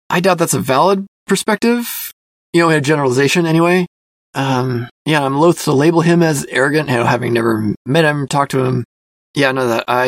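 A man hosting a casual talk show, thinking aloud with many fillers and careful hedges, a self-described quiet person. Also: on the high side, dry recording. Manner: thoughtful, hedging, self-reflective with many fillers. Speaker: podcast host reviewing a magazine. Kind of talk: casual spoken commentary.

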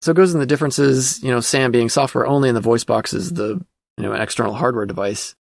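A man's voice: mid-range voice, fast talker, creaky, no echo, studio quality. A man hosting a casual podcast, reading through an old magazine and commenting as he thinks aloud, with plenty of fillers. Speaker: podcast host.

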